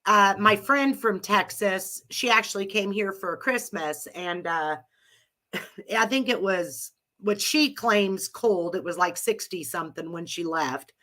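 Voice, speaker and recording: Casting note: bright, forceful middle-aged woman with a cold, rambling live host. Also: medium pitch, a little slow. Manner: rambling, chatty, laughs often. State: has a cold. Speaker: live audio room host. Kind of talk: casual chat with listeners.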